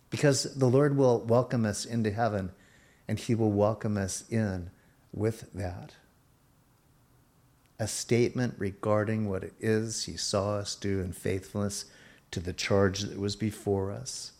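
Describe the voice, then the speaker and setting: A man's voice: fairly low pitch, fairly even intonation, measured pace, a little mellow. A male pastor preaching a sermon in an emphatic style, pressing his listeners and shifting his pace.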